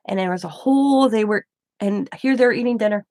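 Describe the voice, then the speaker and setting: A middle-aged woman telling a story in a casual, blunt and animated way, acting out the people she quotes. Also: mid-range voice, moderate pace, dry recording. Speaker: crafting channel host.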